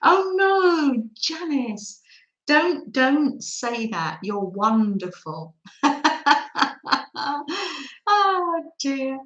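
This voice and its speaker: Animated woman chatting on a livestream. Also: sits high, drawn-out words, pauses often, echoey room, highs cut off. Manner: animated, reads out and answers viewer comments; laughs often. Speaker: livestream host.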